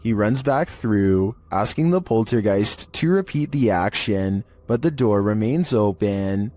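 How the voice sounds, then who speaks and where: Monotone man narrating creepy clips. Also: fairly low pitch, measured pace, a little hiss or hum. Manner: monotone delivery. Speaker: narrator of creepy video countdowns. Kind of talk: scripted narration.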